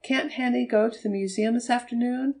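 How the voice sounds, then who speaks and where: A woman's voice: medium pitch, moderate pace, vocal fry, a little mellow, lightly acted. A woman reading aloud, voicing an eager and persuasive young girl who begs to go out. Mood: eager pleading.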